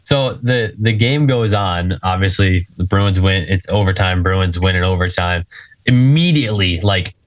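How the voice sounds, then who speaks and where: A young man on a podcast, telling a casual story with lively voice jumps when quoting friends. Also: low voice, moderate pace, no echo. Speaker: podcast co-host.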